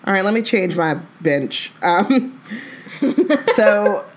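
A woman's voice: mid-range voice, big pitch swings, takes it slowly, slight background noise. Woman co-host reading a novel aloud. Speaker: podcast co-host.

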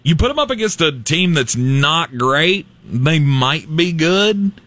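A man's voice: on the high side, animated, slow, fairly bright tone, dry recording. Sports talk co-host guy, wry, voice jumps up and down a lot.

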